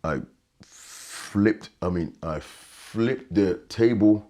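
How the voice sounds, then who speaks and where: A man, telling a painful personal story as an interview guest, halting and repeating words, often quiet and subdued. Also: on the low side.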